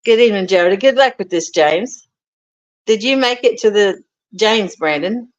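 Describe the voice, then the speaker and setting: Hosting a relaxed livestream from a home kitchen, a woman welcomes viewers and reads their comments aloud in a chatty, folksy style. Her mid-range voice is animated and moves at a normal speed, heard through dull, lo-fi stream audio.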